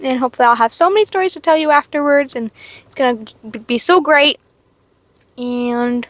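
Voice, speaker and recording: A young woman vlogging from her parked car, telling a story in a chatty, animated way, full of "like" and sudden squeals of excitement. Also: high voice, a little fast, dry recording. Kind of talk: casual storytelling chat. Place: parked car in a parking lot.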